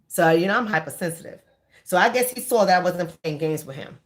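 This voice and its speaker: Candid, emphatic woman, a storyteller with a lively up-and-down voice. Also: lowish voice, brisk. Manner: animated, candid, repeats phrases for emphasis. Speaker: vlogger. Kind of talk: casual storytelling monologue.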